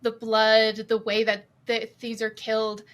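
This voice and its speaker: A woman co-hosting a podcast, speaking in a gushing, emotional and expressive way. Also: on the high side, measured pace. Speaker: podcast co-host. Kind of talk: casual podcast chat.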